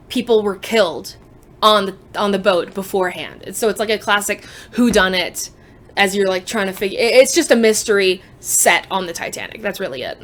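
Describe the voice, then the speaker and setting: A woman's voice: medium pitch, a bit bright. A young woman chatting casually about books she has read, joking and sarcastic, with frequent asides. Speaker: book vlogger. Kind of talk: casual book review chat.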